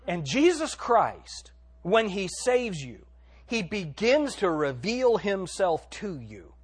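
A man preaching a sermon in a church, swinging between hushed, drawn-out phrases and loud emphatic lines. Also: high-pitched, very animated, slightly rough. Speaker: pastor.

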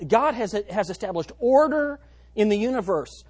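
A man preaching a sermon as pastor, swinging between loud emphatic lines and hushed ones. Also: high voice, lively intonation, normal speed.

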